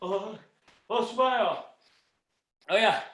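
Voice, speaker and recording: A man performing an improvised, declamatory spoken-word rant with shouted lists, playful and silly. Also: high-pitched, animated, takes it slowly. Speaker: street cellist and improvising performer. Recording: roomy sound with live cello music.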